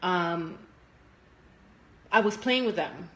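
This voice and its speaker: Animated young woman telling stories. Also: slow. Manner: animated storytelling, acting out quotes with big pitch jumps. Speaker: teacher and live-stream host. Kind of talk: casual live-stream monologue. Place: at home. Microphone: phone.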